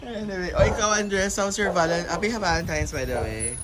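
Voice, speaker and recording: A man's voice: high voice, a little fast. A man directing a film who interviews his cast on set, teasing and laughing as he switches between Tagalog and English. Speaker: director hosting behind-the-scenes video. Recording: loud crowd noise on set.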